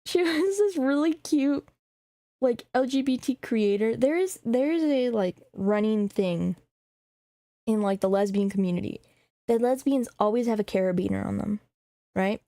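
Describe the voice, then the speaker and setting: A woman's voice: fairly high pitch, lively intonation, measured pace, pauses often, warm tone, no room sound, clean studio sound. A young woman streamer chatting casually, rambling, swearing freely and laughing often. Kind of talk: casual chat.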